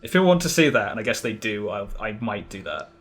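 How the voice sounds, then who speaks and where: A man's voice: lowish voice, very animated, fast, fairly bright tone, a little hiss or hum. A young man talking as a podcast guest, hesitant and casual, full of fillers and restarts. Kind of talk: casual conversational interview.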